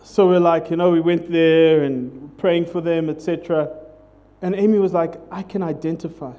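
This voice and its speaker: A man's voice: a little high, fairly even intonation, normal speed, dull audio. A man preaching a sermon as pastor, in a conversational, jokey way, often putting questions to the congregation.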